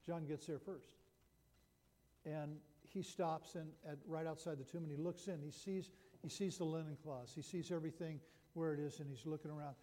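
A man's voice: fairly high pitch, steady tone, moderate pace, dark tone. A man preaching a sermon that retells a Bible story, talking in a conversational way with frequent restarts. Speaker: pastor. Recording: long hall reverb.

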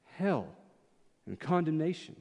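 Impassioned preacher in a reverberant church. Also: male voice, a little high, very animated, slow, creaky, mellow. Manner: impassioned, rhetorical questions, emphatic repetition. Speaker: pastor. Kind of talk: expository sermon. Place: church sanctuary. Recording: church hall with long reverb.

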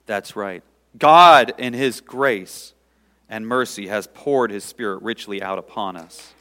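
A man preaching a sermon, telling a story in an animated, conversational way in a church hall. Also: on the low side, slow pace. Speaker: pastor. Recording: echoey hall reverb.

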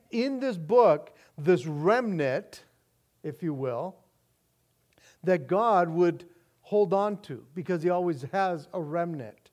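High-pitched guy preaching, earnest, keeps restarting words, goes soft then punchy. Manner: earnest, restarts and repeats words, swings between soft and emphatic. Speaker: pastor. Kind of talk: sermon.

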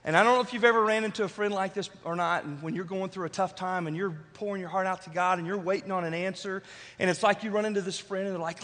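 High pitched pastor guy preaching, chatty and repetitive, big echoey church hall. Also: fairly even intonation, fast, fairly bright tone. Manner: repetitive, rhetorical, conversational preaching with frequent "right?". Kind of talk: sermon to a live congregation. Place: church sanctuary.

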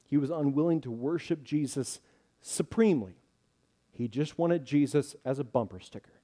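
Mellow-voiced man preaching a sermon. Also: fairly high pitch, normal speed.

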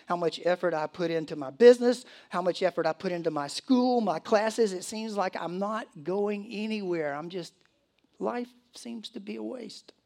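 A man's voice: high-pitched, gravelly, a little mellow. A male pastor delivering a sermon in a church, telling stories animatedly with laughs and acted asides.

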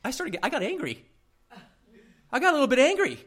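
A male pastor preaching a sermon, telling a story in an animated way and laughing often. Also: very high voice, brisk.

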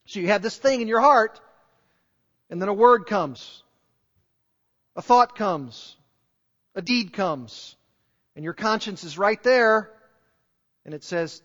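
High-voiced preacher in a reverberant hall. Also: male voice, animated, slow pace, long pauses, a bit bright. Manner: earnest, rhetorical questions, emphatic repetition. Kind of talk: sermon. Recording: dull recording with long hall reverb.

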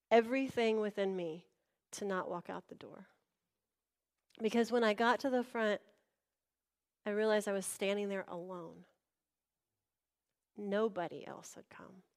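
A woman pastor preaching a sermon, telling a personal story with animated, acted-out dialogue to a congregation. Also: mid-range voice. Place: church before a congregation.

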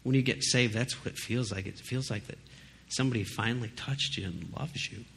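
A man's voice: medium pitch, fairly quick, a bit bright, a little hiss or hum. A man giving a casual, emphatic sermon, talking conversationally with frequent asides to his listeners. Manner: conversational, emphatic, frequent "you know" and "right?". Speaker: preacher.

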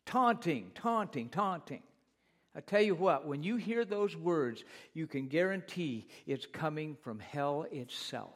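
Man, pastor, fairly high-pitched, emphatic church sermon, repeats lines, talks to the congregation. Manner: preaching with emphatic repetition, addressing the congregation.

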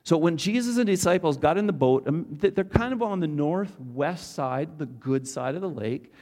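A man's voice: fairly high pitch, animated, normal speed, a little mellow. A man preaching a casual, conversational Bible teaching, asking his audience questions as he goes.

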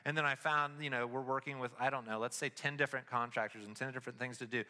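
A man giving a casual, animated sermon as pastor, telling stories with his voice rising as he gets excited. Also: medium pitch, fast talker, big-room sound.

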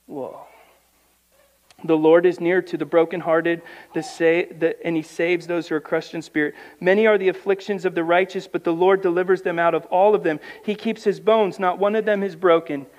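A high-voiced male pastor delivers a sermon, reading verses and stopping to press his points home. He drops to hushed, low asides, then climbs loud and high, stretching out key words for emphasis. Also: level tone, normal speed, lo-fi sound. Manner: reads scripture aloud and breaks in with emphatic commentary.

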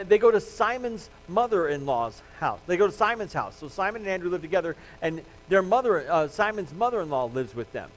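A man's voice: on the high side, slight background noise, poor audio. A male pastor preaching a sermon in a conversational, joking way, reading scripture aloud.

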